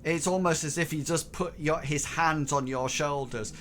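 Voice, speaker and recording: A man narrating a tabletop game as game master, halting and full of ums. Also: fairly high pitch, a bit bright, slight background noise. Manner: hesitant, many ums and restarts.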